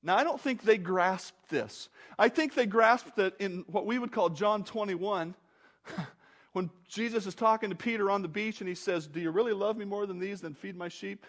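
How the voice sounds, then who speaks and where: A man preaching an expository sermon, moving between quiet asides and loud, forceful outbursts. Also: high voice, normal speed. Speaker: pastor.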